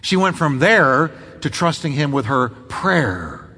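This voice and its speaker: High, lively-voiced preaching pastor. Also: male voice, slow, breathy edge, long reverb tail. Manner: dramatic preaching with repetition. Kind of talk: sermon.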